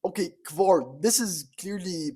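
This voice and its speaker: A young man chatting casually as a vlogger, excitable and slangy, often breaking into laughter. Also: sits high, unhurried, breathy edge. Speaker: quiz vlogger. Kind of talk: casual chat.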